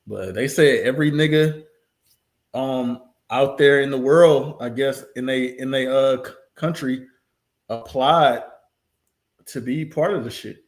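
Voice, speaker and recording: A man's voice: medium pitch, unhurried. A man hosting a reaction video, talking bluntly and casually with plenty of profanity. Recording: roomy echo.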